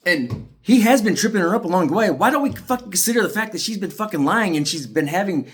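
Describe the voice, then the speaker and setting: A frustrated man from ranting to camera in a heated, profane monologue, swinging between shouting and tired muttering. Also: high voice, lively intonation, fast talker. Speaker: parent speaking out about a custody case. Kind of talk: angry ranting video monologue.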